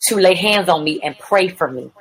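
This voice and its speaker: Speaking at a moderate pace in a lowish, expressive voice with a breathy edge, this evangelist recounts her testimony on a podcast, dramatizing other people's words. She addresses the host as "woman of God," and the audio is poor.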